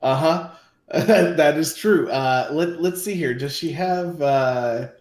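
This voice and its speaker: Man, stream co-host, slow laid-back talker, echoey room recording. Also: fairly high pitch. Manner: laid-back, chuckling, reads chat aloud. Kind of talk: casual live-stream chat.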